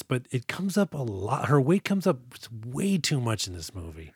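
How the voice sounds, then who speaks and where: A man trades jokes about a film as co-host of a casual podcast. He laughs often and slips into quick impressions of the characters. His voice sits at a middle pitch and sounds dry and close. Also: sing-song, breathy edge, no echo. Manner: jokey, laughs often, acts out lines from the film. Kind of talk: casual movie review banter.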